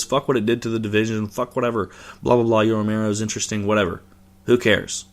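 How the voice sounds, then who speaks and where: A man's voice: on the low side, gravelly. A male host giving a casual reaction rant about a fight, rambling and swearing with lots of fillers and restarts.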